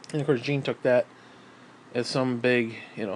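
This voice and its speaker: A man's voice: medium pitch, fairly even intonation, normal speed, a little hiss or hum. A man in a casual, meandering monologue about his writing, swearing freely and trailing off with fillers. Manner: profane, meandering, frequent fillers. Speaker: writer talking about his books.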